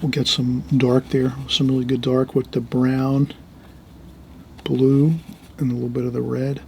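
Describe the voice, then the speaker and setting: A middle-aged man giving an easygoing oil painting lesson, talking while he works and often trailing off softly. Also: medium pitch, monotone, measured pace, vocal fry, slight background noise. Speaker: painting instructor. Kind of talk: relaxed painting tutorial.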